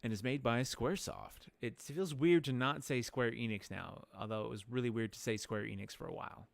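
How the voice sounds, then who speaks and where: A man's voice: mid-range voice, moderate pace, gravelly, no room sound. A man streaming a game live, chatting playfully and joking with his chat.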